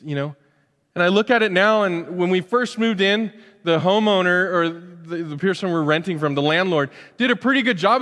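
Animated male pastor in a reverberant hall. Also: high voice. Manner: animated, acts out voices and asides. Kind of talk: sermon.

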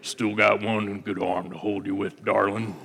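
Male pastor impersonating a gravelly older cowboy, slow low drawl, roomy reverb. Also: flat delivery, fairly bright tone. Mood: folksy.

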